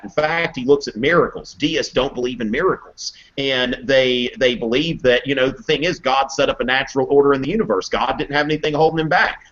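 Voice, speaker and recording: A man teaching history in a casual live video Q&A, chatty and animated, acting out quotes in playful voices. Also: medium pitch, highs cut off. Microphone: webcam mic on a video call.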